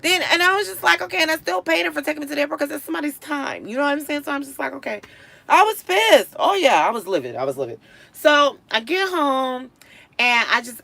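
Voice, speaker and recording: A woman live-streaming, casually telling a story to her viewers. She is animated, dropping to low mutters and then rising to loud, exasperated outbursts. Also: vocal fry.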